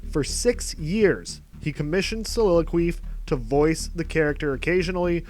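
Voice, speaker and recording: A man's voice: on the high side, normal speed, darkish tone. A man narrating a scripted video essay in a sardonic, exasperated manner.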